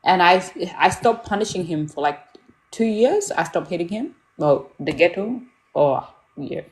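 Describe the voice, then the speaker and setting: Young woman, fairly low voice, candid storyteller, casual parenting chat. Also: animated, unhurried. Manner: candid, storytelling, acts out quotes. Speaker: mother talking about parenting.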